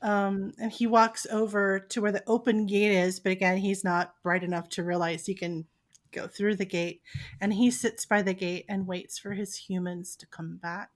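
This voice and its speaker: A woman's voice: mid-range voice, little pitch movement, moderate pace. A woman narrating a tabletop game as game master, telling the scene like a story and voicing the sound effects herself.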